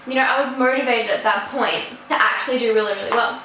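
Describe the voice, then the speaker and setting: A woman's voice: a little high, fast, bright, forceful tone, a little hiss or hum. A teenage girl, telling a story in a chatty, rambling way full of fillers. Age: teens. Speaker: vlogger. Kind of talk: casual storytime. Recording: echoey room.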